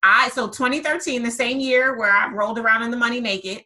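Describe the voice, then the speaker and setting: Bright-voiced woman podcast host. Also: fairly high pitch, steady tone, a little fast, low-quality recording. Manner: emphatic, repeats words for effect. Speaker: podcast host and business coach. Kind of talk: conversational storytelling.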